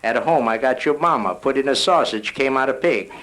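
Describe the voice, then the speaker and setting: A man voicing a proud, stubborn old Italian butcher, with an Italian accent and a low, hushed grumble. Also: a little fast, natural voice. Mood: exasperated. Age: older.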